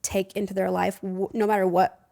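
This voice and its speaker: A woman's voice: medium pitch, little pitch movement, a little fast, gravelly, warm tone. Earnest woman podcast host. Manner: earnest, reflective, laughs often. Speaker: podcast host and life coach. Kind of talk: casual podcast chat.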